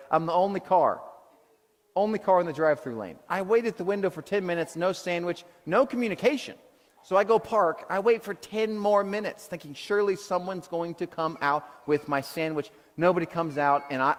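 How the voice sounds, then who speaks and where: Pastor preaching in a reverberant hall. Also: male voice, on the high side. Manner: storytelling with self-deprecating humor, animated retelling. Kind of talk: sermon. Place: church auditorium.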